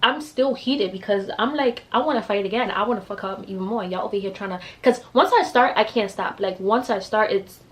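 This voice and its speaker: A young woman telling a story to camera in a casual, profane, animated way. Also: mid-range voice, fairly quick, hardly any pauses. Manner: animated, profane, acts out quotes in raised voices. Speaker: vlogger.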